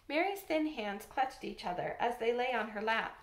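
A woman reads a classic storybook aloud, measured and expressive, her voice set a little high. A roomy echo lingers behind each phrase. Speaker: audiobook narrator. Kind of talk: storybook narration.

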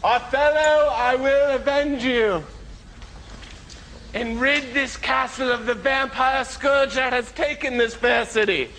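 A man's voice: very high voice, takes it slowly, pushed and bright, in a large hall, slight background noise, exaggerated voice. A man playing a melodramatic Hamlet, declaiming grandly on stage. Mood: heroic.

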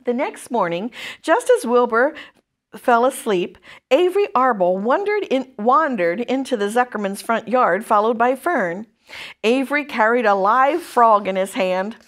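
A woman from a church children's ministry reading a chapter book aloud to children in an expressive way. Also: a little high, unhurried.

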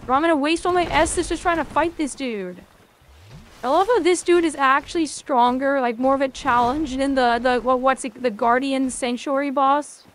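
A woman with a high voice commentates her gameplay live. She is excitable, curses often and chats casually with her viewers between fights. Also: moderate pace, a little hiss or hum. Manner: excitable, swears often, talks to chat. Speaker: game streamer.

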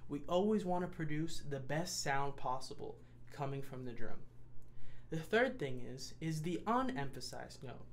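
A man's voice: on the high side, animated, a little hiss or hum. Young man teaching a drum lesson. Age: young adult. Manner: patient, slows down to stress key points. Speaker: percussion student teacher. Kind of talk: instructional lesson.

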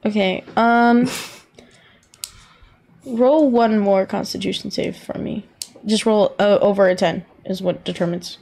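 A woman's voice: mid-range voice, fairly even intonation, creaky, darkish tone. A woman running a tabletop role-playing game as game master, explaining rulings and narrating in a casual way. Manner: casual, rules-focused, quick asides.

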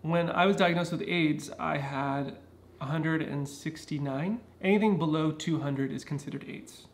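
Speaking at normal speed in a fairly high voice, a man vlogs from home, explaining things earnestly to his camera in a casual way. He restarts frequently, and a slight hiss or hum can be heard.

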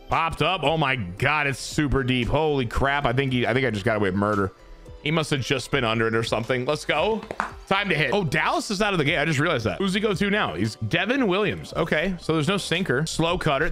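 A young man giving live gameplay commentary as a streamer, excitable and self-mocking, swearing freely. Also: on the high side. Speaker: gaming streamer.

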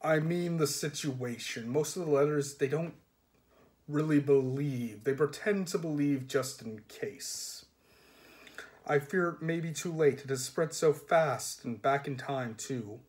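A man voicing a hooded sledge driver who speaks slowly in a heavy, puzzled voice. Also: fairly high pitch, a little mellow, natural voice.

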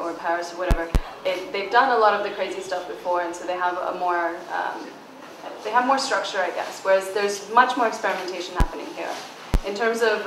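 A woman reading aloud from her own novel at a book launch, giving the dialogue some emphasis. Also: fairly low pitch. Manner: reads dialogue with emphasis, casual and halting when answering. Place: bookstore event space. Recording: echoey room, far from mic, background noise.

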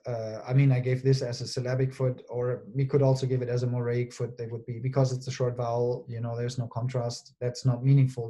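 Man giving a relaxed academic presentation. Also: mid-range voice. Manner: explanatory, with frequent fillers and "right?" checks. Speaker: linguistics researcher presenting a talk.

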